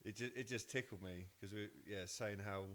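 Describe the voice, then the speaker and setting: A man, co-hosting a casual podcast chat and telling family stories with animated laughter. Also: fairly low pitch, normal speed. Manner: animated storyteller, acts out voices with laughter. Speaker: podcast co-host.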